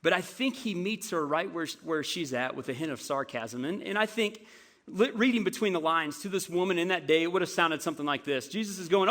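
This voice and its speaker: Animated, stammering male pastor preaching. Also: fairly high pitch, a little fast. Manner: animated storytelling, frequent stammered restarts. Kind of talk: sermon. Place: church sanctuary.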